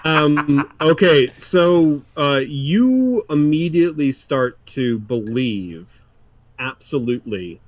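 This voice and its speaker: A man's voice: a little high, lively intonation, slow pace, no room sound, rough recording. A man running a tabletop game as dungeon master, rambling and laughing as he talks. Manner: rambling, restarts, laughs often.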